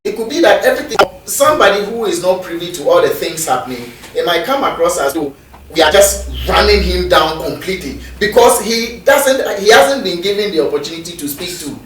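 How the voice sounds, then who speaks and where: Co-host making his case, bit high voice, echoey off-mic sound. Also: animated, a bit bright. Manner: measured, arguing a point. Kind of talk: studio talk show discussion. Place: studio. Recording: echoey studio, distant mic, faint noise.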